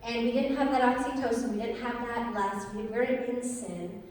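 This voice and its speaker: A young woman speaks with a slightly high voice, telling her own story earnestly and brightly to a gathered audience. Her voice carries from some distance off the mic and rings out through a big, echoing hall with a long reverb tail, and a faint hum of room noise sits underneath. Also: normal speed. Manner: earnest, lively storyteller with laughs. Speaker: speaker giving a personal testimony. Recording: echoey hall, voice from far off.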